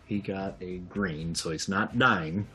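A man narrating as game master for a tabletop game, unhurried and laughing often. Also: low voice, sharp tone.

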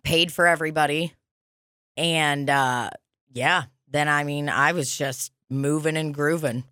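A woman's voice: deep voice, fairly even intonation, a little slow, pushed and bright, smooth, no echo, clean studio sound. A woman co-hosting a casual comedy chat, telling a rambling story with plenty of laughter.

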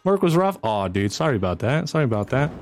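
Energetic dude narrating a tabletop game stream, pitch bouncing all over, faint music behind. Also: male voice, fast talker, no echo. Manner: energetic, chatty, swings into excited whoops. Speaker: game master.

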